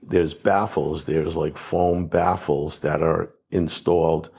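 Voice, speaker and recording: A man's voice: extremely low pitch, steady tone, takes it slowly, gravelly, darkish tone, breathy edge. A man being interviewed as a water damage and mold restoration expert, explaining things step by step in a practical, conversational way.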